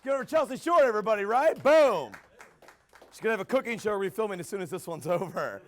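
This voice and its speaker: Male host, very high voice, energetic crowd-pumping intros. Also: fast talker. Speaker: show host. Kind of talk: hyping up the crowd.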